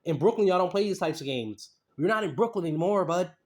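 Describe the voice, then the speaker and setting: Brief: man, high voice, skeptical commentator who repeats himself while picking apart a statement. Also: animated, fast talker, a little mellow. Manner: repeats phrases, skeptical and mocking. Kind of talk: casual commentary reading a statement aloud.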